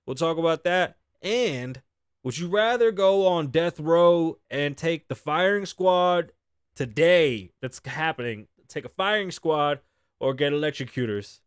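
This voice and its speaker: A man's voice: a little high, animated, a little slow, smooth, dry recording, clean studio sound. A man hosting his live show, talking casually and profanely, telling stories with sighs and laughs. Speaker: host. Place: Las Vegas.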